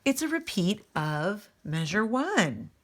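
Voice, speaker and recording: A woman's voice: medium pitch, big pitch swings, slow pace. A woman music teacher giving a recorded lesson, patiently explaining step by step and speaking straight to her students.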